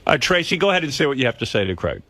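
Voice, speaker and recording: A man's voice: medium pitch, big pitch swings, very fast, fairly bright tone. A male radio host banters and needles his guests playfully. His mid-range voice moves up and down a great deal. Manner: playful, probing interviewer.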